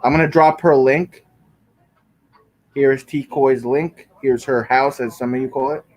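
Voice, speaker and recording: A man's voice: mid-range voice, fairly even intonation, a little slow, darkish tone. A man livestreaming from his bedroom, casually arguing with viewers in chat and swearing often. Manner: profane, bickering with chat. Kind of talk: casual live stream chat reading comments.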